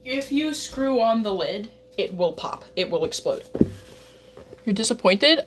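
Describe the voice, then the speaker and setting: A woman's voice: mid-range voice, expressive, a little slow, a little hiss or hum. A woman livestreamer chatting casually with her viewers as she bakes, rambling and talking straight to her chat. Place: home kitchen.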